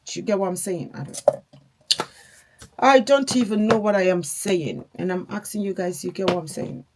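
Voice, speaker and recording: A woman's voice: medium pitch, normal speed, noisy background. A young adult woman, chatting candidly and rambling a little as she tells a personal story in a get-ready-with-me vlog. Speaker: vlogger.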